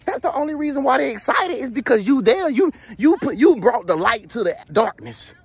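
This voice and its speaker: A man gives a casual motivational talk and tells slangy, joking stories. His voice sits fairly high and swings widely in pitch. It has a husky grain. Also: fairly quick, dry recording. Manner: animated, slangy, joking storyteller. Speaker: motivational vlogger.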